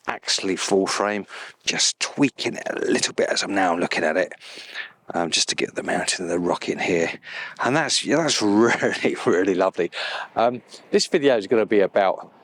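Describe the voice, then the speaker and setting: Beside a loch on an open moor, a landscape photographer with a deep voice talks to his camera about the shot he's framing. He's enthusiastic but softly spoken, quietly delighted, and at times nearly whispers, his mic close in the still outdoor air of this photography vlog.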